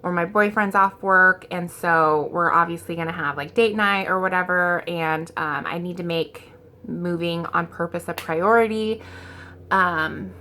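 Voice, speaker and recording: A woman's voice: lowish voice, fairly even intonation, unhurried, sharp tone, slight background noise. A woman in her thirties talking casually in a rambling, self-deprecating vlog, full of ums and likes, and scatterbrained by her own account. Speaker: vlogger.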